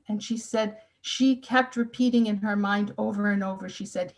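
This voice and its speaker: A woman's voice: medium pitch, flat delivery, normal speed, few pauses, poor audio. A woman in her sixties gives a personal testimony talk, telling her family's story with earnest, emotional emphasis. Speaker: speaker.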